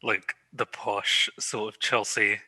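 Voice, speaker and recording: A man's voice: on the low side, flat delivery, slow pace, sharp tone, breathy edge, rough recording. A man with an English accent, co-hosting a casual podcast chat and laughing easily. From England. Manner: laid-back, laughs easily. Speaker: podcast co-host.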